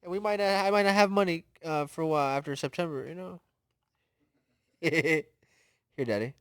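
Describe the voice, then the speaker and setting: A man's voice: on the high side, moderate pace, a bit bright, smooth, dry recording. A young man co-hosting a casual podcast, playful and teasing. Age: young adult. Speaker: podcast co-host. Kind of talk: casual chat.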